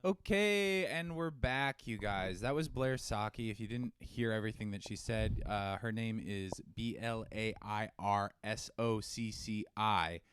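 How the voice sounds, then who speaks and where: A man's voice: fairly low pitch, measured pace, few pauses, fairly bright tone, smooth. A man co-hosting a podcast in casual chat, rambling and self-deprecating, trailing off with fillers. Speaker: podcast co-host.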